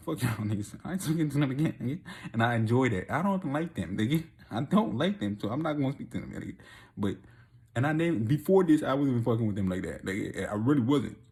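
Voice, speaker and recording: A man telling a rambling, profane story in a casual monologue, often laughing and getting loud and excited. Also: medium pitch, gravelly. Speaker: vlogger.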